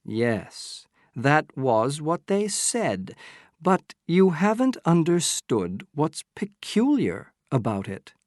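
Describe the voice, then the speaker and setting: Picture a sharp-minded detective, read by a man in an audiobook, laying out his reasoning in a slow, patient way. He leans hard on key words, and his pitch rises and falls in a lively way. The sound is close and dry. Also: no echo. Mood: explaining. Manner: patient, emphatic, probing questions. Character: sharp-minded male detective explaining deductions. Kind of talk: scripted audiobook reading.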